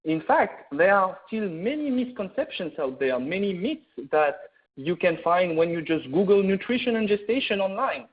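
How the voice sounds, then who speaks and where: A middle-aged man from France with a French accent, giving a veterinary webinar lecture in an earnest manner, often pausing with "uh" and restarting. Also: sits high, sing-song. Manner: earnest, many "uh" fillers and restarts. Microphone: video call or webinar mic. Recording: tinny phone-like webinar audio.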